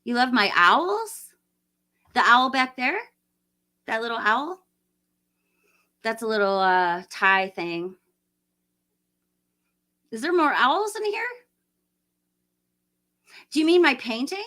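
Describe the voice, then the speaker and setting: A woman's voice: fairly high pitch, very animated, takes it slowly, pauses often, pushed and bright. A woman in her late forties chatting casually on a livestream, rambling and laughing often as she answers viewer comments. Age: 40s. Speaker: livestream host.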